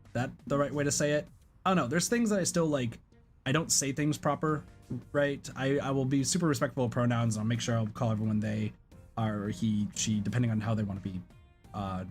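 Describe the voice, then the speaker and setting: A man streaming a video game, talking casually and hesitantly as he plays. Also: medium pitch. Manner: rambling, hesitant. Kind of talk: casual gameplay commentary.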